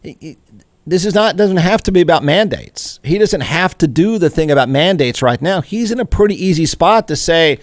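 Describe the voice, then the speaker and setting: A man's voice: fairly high pitch, animated, normal speed, dry recording. A man hosting a talk show, giving snarky, irreverent commentary full of rhetorical questions. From Austin, Texas. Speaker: radio talk show host. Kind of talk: opinion commentary.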